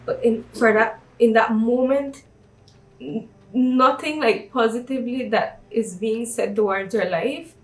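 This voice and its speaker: A woman's voice: fairly high pitch, measured pace, distant mic, low-quality recording. A woman in her twenties from Belize, giving a personal faith testimony in a hesitant way, with many fillers and restarts. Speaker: church member giving testimony.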